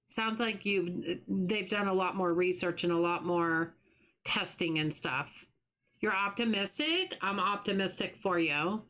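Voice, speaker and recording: A middle-aged woman hosting a livestream, chatting casually and sympathetically with her chat while she plays. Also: medium pitch. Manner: warm, sympathetic, chatty with restarts. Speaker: livestream host.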